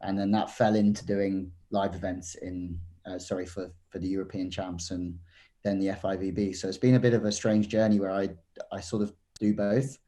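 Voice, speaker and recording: A man's voice: deep voice, level tone, normal speed, warm tone. A man with an English accent, a commentator and coach, chatting casually on a podcast and laughing easily. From England.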